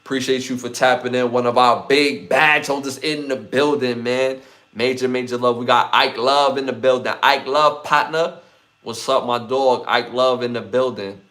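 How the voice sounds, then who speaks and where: A man's voice: medium pitch, steady tone, moderate pace. A man with a Brooklyn accent hosting a live podcast, chatting loosely with viewers and repeating his phrases. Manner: repeats phrases, gives shout-outs, loose slangy delivery. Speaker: podcast host.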